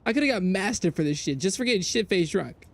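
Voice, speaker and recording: A man streaming a game, telling a story in casual chat, animated and profane, jumping between loud outbursts and low mutters. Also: brisk. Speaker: gaming streamer.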